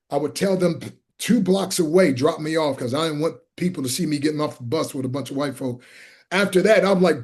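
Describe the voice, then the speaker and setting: Middle-aged man, fairly high voice, animated storyteller, acts out voices, bursts into shouts. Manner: acts out voices in his stories, sometimes shouting. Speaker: guest speaker.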